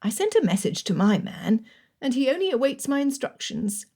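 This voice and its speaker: A woman's voice: high-pitched, big pitch swings, normal speed, warm tone, slightly rough, pitched above the performer's own voice, exaggerated voice. A woman voicing a shrewd older aunt who speaks in a dry, knowing manner. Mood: wry.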